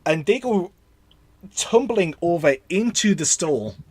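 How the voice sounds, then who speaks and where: A man running a tabletop game as its game master. He narrates in an animated, up-and-down voice that sits a little high. He pauses and laughs often as he improvises. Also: slightly rough, no echo. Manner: lively, laughing, halting narration.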